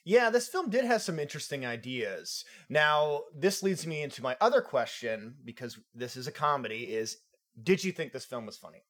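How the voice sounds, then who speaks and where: A man's voice: a little high, very animated, normal speed, fairly bright tone. A man hosting a casual film podcast, asking questions in a playful way. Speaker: podcast host. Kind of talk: casual film review chat.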